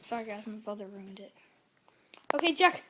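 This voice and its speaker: A woman's voice: mid-range voice, animated, moderate pace, heavy background noise. A young girl vlogging casually to camera at home, rambling and apologizing a lot, with little giggles. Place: at home in a room.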